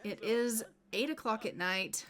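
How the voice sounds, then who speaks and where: A woman's voice: fairly high pitch, a little slow, a bit bright. Chatty woman scolding her game characters. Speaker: gameplay video host. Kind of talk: casual let's-play commentary.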